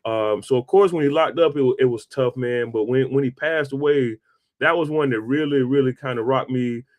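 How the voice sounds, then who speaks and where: A man in his forties hosting a casual interview, telling stories in a relaxed, slang-filled way. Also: mid-range voice, normal speed. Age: 40s. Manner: slangy storytelling, peppered with "bro" and "man". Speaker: podcast host.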